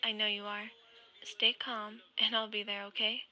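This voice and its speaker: A woman voicing a stern, protective teenage boy, speaking low and firm in a soft-spoken ASMR fanfic reading. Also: flat delivery, normal speed. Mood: calm, firm.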